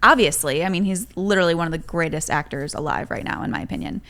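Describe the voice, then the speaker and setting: A woman's voice: lowish voice, fast, a bit bright. A woman from Michigan, a guest on a comedy podcast, telling stories in a chatty, giggly way full of fillers. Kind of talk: casual comedic chat.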